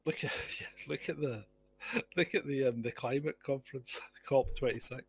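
A man's voice: mid-range voice, fairly even intonation, normal speed, gravelly, slightly rough. A man co-hosting a podcast, blunt and indignant, swearing freely. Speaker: podcast co-host. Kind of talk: sweary political chat.

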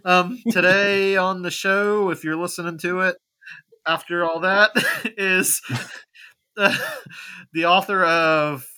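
A man's voice: high voice, steady tone, slow pace, sharp tone, clear, resonant tone. A man hosting a casual podcast, rambling and laughing, with lots of "like" in his talk. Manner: rambling, giggly, says "like" a lot. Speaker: podcast host.

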